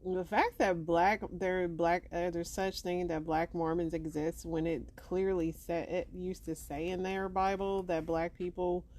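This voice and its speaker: Brief: woman podcast host, unhurried and halting, lower-pitched, casual reaction talk. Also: flat delivery, darkish tone. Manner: loose, musing, halting delivery.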